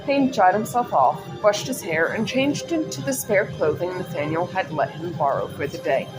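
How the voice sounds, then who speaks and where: A woman with a fairly low voice reads her own story aloud, over clear background music. She reads casually and chats in between, stepping out of the story for little personal asides. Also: expressive, moderate pace. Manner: chatty, breaks off into personal asides and laughs at her own stumbles.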